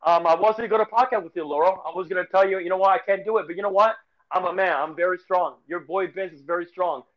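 A man with a fairly high voice co-hosts a casual sports podcast. He talks haltingly and with emotion, stumbling and restarting his words. The recording sounds dull and lo-fi. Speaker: podcast co-host.

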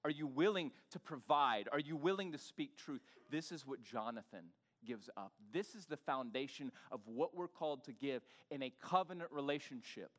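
A male pastor preaching an animated sermon in church, bantering with the congregation and urging them to talk back. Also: mid-range voice, moderate pace, hardly any pauses, in a large hall. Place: church sanctuary.

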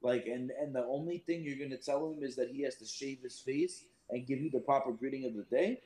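A man, a Marine reservist, telling profane, animated stories as a podcast guest. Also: medium pitch, a little fast, roomy sound, low-quality recording. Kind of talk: casual storytelling chat.

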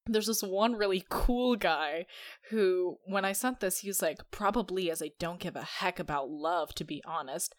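A woman's voice: on the low side, normal speed, no room sound. A young woman hosting a podcast, telling stories in a chatty, sarcastic way. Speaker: podcast host. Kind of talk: casual chat.

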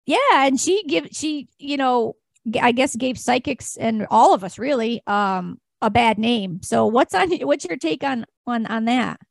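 High gravelly woman podcast host. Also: lively intonation, a little slow, dry recording. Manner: rambling, hesitant, laughing questions. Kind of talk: casual interview chat.

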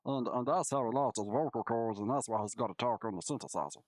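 A man hosting a comedy podcast, acting out an improvised skit in a playful way that jumps into high, silly voices. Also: fast, no echo, clean studio sound. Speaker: podcast host.

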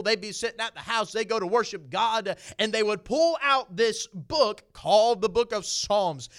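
A man's voice: high-pitched, fairly bright tone. A middle-aged man with a Southern US accent preaching a sermon in a folksy way, repeating phrases and building to emphatic points.

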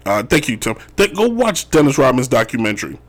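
His mid-range voice moves briskly and swings widely in pitch. Decked out in Chicago sports gear, this male host of a casual sports talk show jokes and rambles about basketball moves, repeatedly tossing in "if you will."

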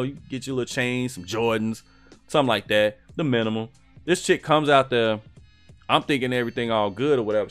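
A young man casually telling a personal story, slangy and animated, with lots of fillers. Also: mid-range voice.

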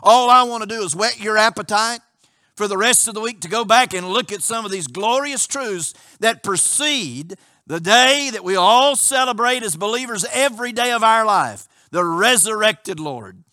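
A man's voice: sits high, animated, normal speed, sharp tone, no echo, clean studio sound. A male pastor preaching a sermon with passion, asking rhetorical questions of his congregation.

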